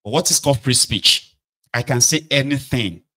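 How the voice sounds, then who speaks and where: Man, commentary, argumentative, bright tone. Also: mid-range voice, normal speed, poor audio. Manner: argumentative, rhetorical questions. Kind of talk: opinion commentary.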